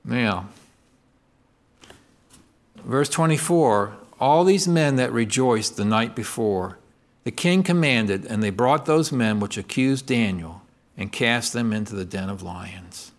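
A man preaching with a lively, swinging delivery, his pitch rising and falling all through the sermon. He keeps putting questions to his listeners and answering them himself. Some lines come loud and pushed, others drop low and quiet. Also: slow pace. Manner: asks the congregation call-and-response questions.

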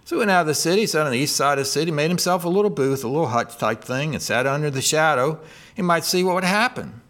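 A middle-aged man preaching a sermon, his voice climbing and dropping as he reads scripture and acts out the lines. He keeps putting questions to his listeners, and his speaking voice sits a little high for a man. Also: fast. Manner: expressive preaching, voicing scripture and God's lines, asks the congregation questions. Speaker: pastor.

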